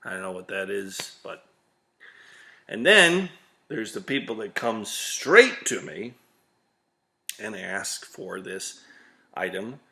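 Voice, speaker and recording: Guy doing a sarcastic rant on his vlog, talks slow, bright forceful voice, kinda low. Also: lively intonation, vocal fry. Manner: exasperated, sarcastic, swears. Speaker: vlog host ranting about liquor. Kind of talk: comedic rant to camera.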